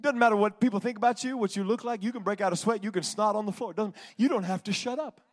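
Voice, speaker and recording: High-pitched preacher guy, yells then drops way down quiet. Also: quick pace. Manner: swings from shouting to hushed near-whispers. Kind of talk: sermon.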